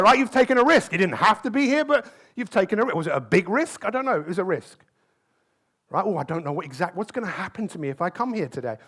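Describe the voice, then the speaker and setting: Male motivational speaker, high-pitched, peppers the crowd with quick questions, live conference talk. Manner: lively, keeps asking the crowd questions. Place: conference stage.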